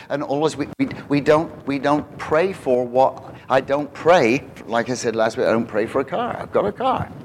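A man preaching a lively expository sermon to a congregation, often asking them questions. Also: fairly high pitch, a little hiss or hum, rough recording.

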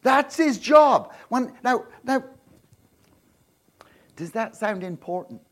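A male preacher giving an animated, jokey sermon, often laughing and checking in with the crowd with quick rhetorical questions. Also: very high-pitched. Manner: animated, asks the crowd frequent "right?" questions.

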